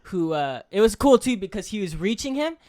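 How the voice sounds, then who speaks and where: Animated, profane young podcast co-host. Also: male voice, high-pitched, brisk. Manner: animated, swears freely, acts out coaches' speeches in a loud voice. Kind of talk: casual podcast chat.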